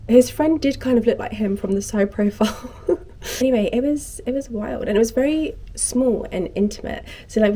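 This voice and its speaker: Mellow-voiced young woman, animated. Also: mid-range voice, slight background noise. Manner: animated storytelling, acting out both sides of the story. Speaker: vlogger. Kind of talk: casual chat.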